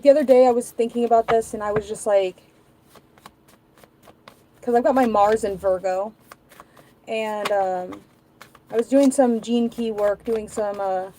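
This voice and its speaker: A woman's voice: on the high side, mellow, slight background noise, rough recording. A woman giving a casual tarot reading and musing aloud, rambling through her thoughts with many fillers. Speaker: tarot reader.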